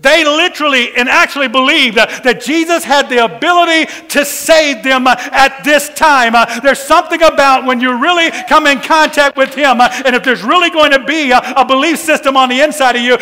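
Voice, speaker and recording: A man preaching a sermon, telling a personal story with laughs and sudden shouts. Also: very high voice, fairly quick, hardly any pauses, big-room sound.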